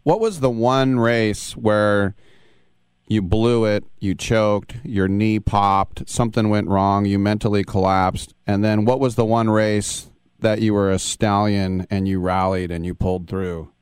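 A male radio host with a smooth, clear and somewhat low voice, asking a guest playful, joking questions. His voice sounds dry and close to the mic, with no room echo. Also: fairly even intonation, a little slow, a little mellow. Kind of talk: radio interview.

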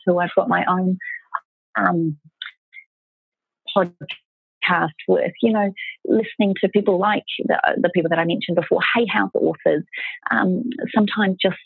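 Husky woman on a tinny line. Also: mid-range voice, no room sound. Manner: earnest, emphatic, with frequent restarts. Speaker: author and podcast guest. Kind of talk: reflective storytelling in an interview. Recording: phone-like call audio.

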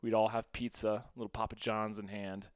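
Casual male host, low and smooth, telling an animated story and laughing often. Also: moderate pace, dry recording, clean studio sound. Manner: animated, swings between hushed and loud; laughs often, quotes himself. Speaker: podcast host.

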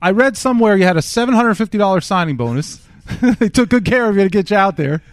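A man with a high voice hosts the interview, reacting eagerly and laughing with his guests. His voice sounds dry and close, with no room echo. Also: expressive. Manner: enthusiastic, quick reactions, laughs. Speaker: interviewer, host. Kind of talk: interview questions.

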